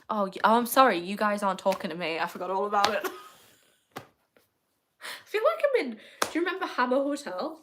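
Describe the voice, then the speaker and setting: A young woman, streaming live and reading out her viewers' comments. Her pitch swings freely as she teases the chat and breaks into laughs. Casual, chatty and playful throughout. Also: background noise. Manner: playful, teasing, laughs often. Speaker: livestreamer.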